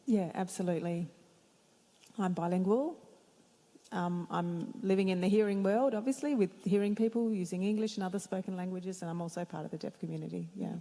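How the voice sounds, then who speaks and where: A woman's voice: fairly low pitch, a little fast, dark tone, poor audio. A woman interpreting for panelists in a plain, matter-of-fact way. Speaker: sign language interpreter voicing panelists. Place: main stage at a museum, before an audience.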